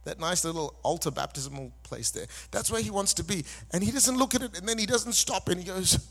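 Male preacher, high voice, animated call-and-response delivery, large echoing church hall. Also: a little fast, gravelly. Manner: animated, calls on the congregation to answer back; conversational asides between scripture readings. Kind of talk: sermon. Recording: long reverb in a large hall.

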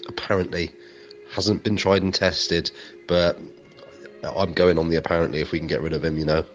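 A man in improvised comic chat, delivering absurd claims in a deadpan, matter-of-fact way. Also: deep voice, moderate pace, muffled recording, faint music behind.

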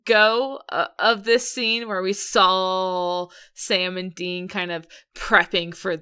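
A woman's voice: mid-range voice, little pitch movement, slow, bright, forceful tone, smooth. A woman co-hosting a podcast, chatting casually with meandering sentences and frequent giggles. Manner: meandering, many fillers and restarts, giggly. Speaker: podcast co-host. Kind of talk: casual chat.

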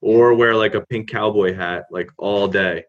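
Man, low voice, interview guest, relaxed, rambling tangents, muffled dull recording. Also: a little slow. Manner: relaxed, drifts off on tangents, many "you know"s. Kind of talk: casual interview chat. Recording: muffled, lo-fi sound.

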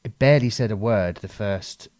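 Male host, low voice, dry close sound, halting and self-mocking delivery. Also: darkish tone, no echo. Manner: halting, self-deprecating, swears casually. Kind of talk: casual chat.

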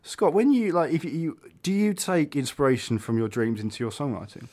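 A man's voice: on the high side, brisk, a little mellow. A man hosting a radio chat show, playful and teasing, who stumbles over his questions. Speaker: radio host.

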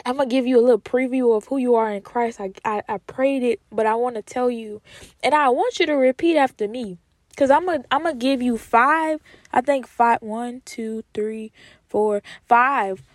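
A woman giving an emotional Christian faith talk, repeating affirmations slowly and tenderly, sometimes dropping to a whisper, near tears. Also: a little high, dry recording. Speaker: Christian encourager speaking to viewers.

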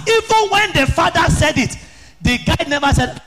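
A man preaches with fervor, his voice pitched very high. He swings from quiet reading into shouted, chanting peaks. Faint music plays underneath. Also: big pitch swings, moderate pace. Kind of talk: sermon.

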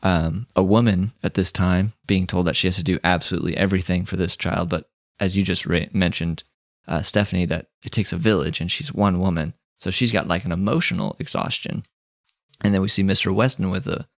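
A man co-hosting a casual book discussion, giving thoughtful, unhurried analysis. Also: deep voice, no echo, studio quality. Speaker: podcast co-host.

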